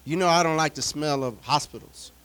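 Male pastor, sermon, fairly high voice, dramatic storytelling, loud and hushed by turns, humorous asides to the congregation. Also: a little fast, smooth. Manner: humorous, addresses the congregation directly.

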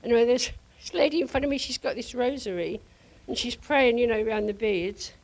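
An older woman preaching to a congregation, telling a lively testimony story with frequent laughter. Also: fairly high pitch, brisk, creaky. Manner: animated storyteller, laughing often.

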